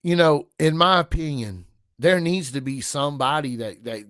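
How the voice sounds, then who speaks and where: A man hosting a casual livestream, rambling loosely with slang and profanity, giving viewers shout-outs. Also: fairly high pitch, moderate pace, no echo, clean studio sound. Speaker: livestream host.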